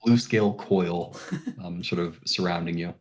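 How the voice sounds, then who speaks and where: A man's voice: sits low, moderate pace. A man narrating a tabletop game as game master, hesitant with many ums and uhs, on a dull lo-fi recording.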